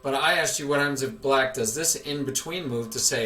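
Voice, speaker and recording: A man's voice: mid-range voice, fairly quick, few pauses, pushed and bright, faint music behind. A man teaching a chess lesson, patiently quizzing his student with questions, recorded with room echo from a distance.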